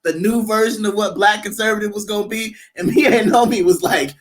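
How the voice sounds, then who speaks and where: A man's voice: high-pitched, fairly quick. A man co-hosting a podcast, chatting casually about politics, acting out the voices of people in his story. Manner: animated storyteller, acts out quoted voices. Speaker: podcast co-host.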